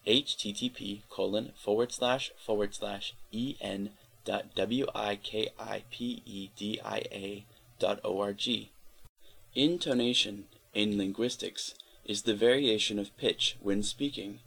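A man reading an encyclopedia article aloud in a steady, careful way, spelling out letters where needed. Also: fairly low pitch, measured pace, creaky, husky, poor audio. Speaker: volunteer reader of an encyclopedia article. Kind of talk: read-aloud article narration.

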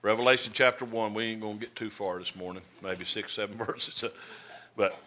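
A middle-aged man preaching a storytelling sermon, folksy and drawling, swinging between loud and soft. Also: on the low side, brisk, slight background noise. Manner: folksy, drawling Southern-style delivery with dramatic swings in volume.

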